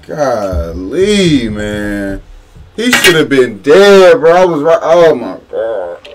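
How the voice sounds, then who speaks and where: A man chatting casually while playing a video game, excitable and ranting in slangy, profane complaints. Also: medium pitch, slow pace. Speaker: gamer. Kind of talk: casual gameplay chat. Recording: noisy game and vehicle sounds behind.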